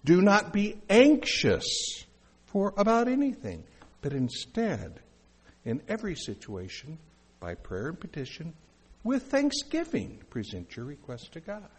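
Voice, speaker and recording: A man's voice: high-pitched, wildly swooping pitch, takes it slowly, breathy edge. A male pastor preaching a sermon in a conversational way, with asides and questions to the congregation.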